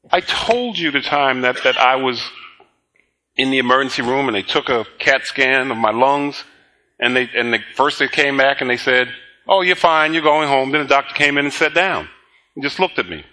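A man's voice: medium pitch, moderate pace, sharp tone. A middle-aged male pastor preaching a sermon, telling stories with laughter and acting out both sides of conversations. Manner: storytelling with laughs and acted-out dialogue.

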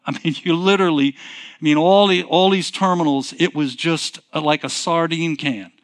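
A man's voice: fairly high pitch, fairly even intonation, normal speed. A male pastor telling a personal story in a sermon, conversational and rambling, often restarting with "so anyways". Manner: conversational, repeats himself, frequent "so anyways" restarts.

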